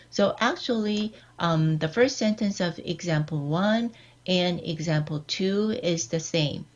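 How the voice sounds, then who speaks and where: A woman giving a scripted online lecture, reading out example sentences in a measured, deliberate way. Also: fairly low pitch. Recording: dull lo-fi recording.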